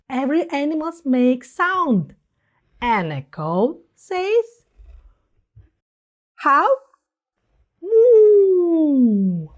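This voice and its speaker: A young woman teaching toddlers first words, speaking slowly with exaggerated, sing-song words. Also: high-pitched, a bit bright. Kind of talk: toddler speech lesson.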